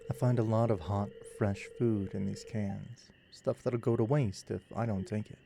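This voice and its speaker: Man reading a soft-spoken, humble game character, earnest, low gravelly tone. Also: fairly even intonation, moderate pace, slight background noise. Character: gentle humble man living in the wild.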